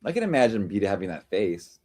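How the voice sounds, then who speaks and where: Speaking quickly in a fairly low, mellow, very animated voice, a man runs a live stream. He chats casually and reads comments, rambling and teasing as he jumps from joke to joke and answers chat.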